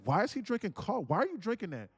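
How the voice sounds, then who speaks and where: A man mimicking his exasperated middle-aged mother, scolding in a shrill, incredulous voice. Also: very animated, fast talker, breathy edge, no room sound, soft background music, heavily acted.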